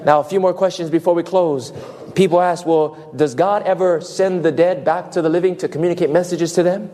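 Male preacher with a high-pitched voice, emphatic sermon delivery. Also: fairly even intonation, warm tone. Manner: emphatic preaching, dramatic pauses, acts out quoted voices.

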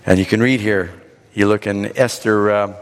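A man preacher giving a sermon, retelling the story in a dramatic, animated way. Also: lowish voice, moderate pace. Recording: long hall reverb.

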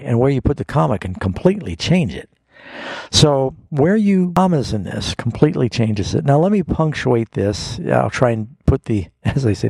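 A middle-aged man, a pastor hosting a radio Bible call-in show, earnestly explaining scripture and slowing down to read verses aloud. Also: mid-range voice, expressive, creaky, darkish tone, breathy edge, dry recording.

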